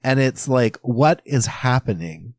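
A man's voice: mid-range voice, expressive, unhurried, darkish tone, no echo. A man co-hosting a podcast, chatting casually with dry, joking remarks. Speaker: podcast co-host.

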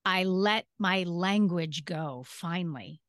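A woman's voice: fairly low pitch, slow pace, fairly bright tone, no echo, studio quality. A woman in her fifties, a guest on a podcast, telling her personal story earnestly and emphatically, repeating key phrases. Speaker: podcast guest and disability advocate. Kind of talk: casual interview storytelling.

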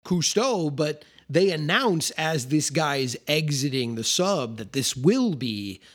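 A man's voice: fairly high pitch, lively intonation, slow pace. A man hosting a podcast, chatting casually and animatedly about films with lots of fillers and some swearing. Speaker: podcast host. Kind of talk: casual film discussion.

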